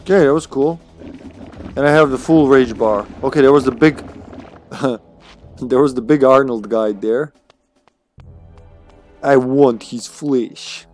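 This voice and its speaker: Brief: male streamer with a sore throat, casual cursing play-by-play over quiet game music. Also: mid-range voice, unhurried, pauses often. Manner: swears freely and jokes at the game. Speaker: streamer playing a video game. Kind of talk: casual live gameplay commentary.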